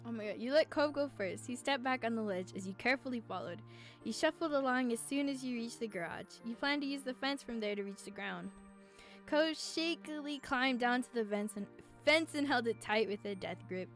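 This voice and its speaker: Young female streamer, high voice, reads game text aloud, gets teary and swears casually. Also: animated, a little fast, faint music behind. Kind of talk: reading a romance game aloud while playing.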